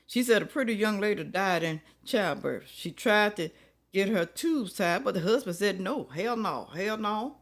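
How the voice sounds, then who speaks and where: A woman's voice: medium pitch, lively intonation, moderate pace. Woman preaching hard to her viewers. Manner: emphatic, preachy, repeats rhetorical questions to viewers; colloquial talk that drops into whispers for emphasis. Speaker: reaction video commentator. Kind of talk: casual opinionated commentary.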